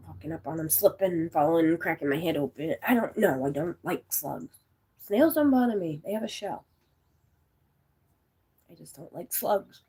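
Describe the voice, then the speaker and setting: A woman in her forties talks casually to her live-stream viewers. Her voice is gravelly and a little husky, and her pitch rises and falls a lot as she rambles from one story to the next and answers their comments. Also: a little mellow. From United States. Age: 40s. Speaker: vlogger chatting with live viewers.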